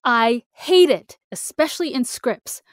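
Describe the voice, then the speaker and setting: A woman co-hosting a casual writing podcast, talking in an animated, emphatic way. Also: high-pitched, measured pace, no echo, clean studio sound. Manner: animated, emphatic, acts out quoted reactions. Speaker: podcast co-host.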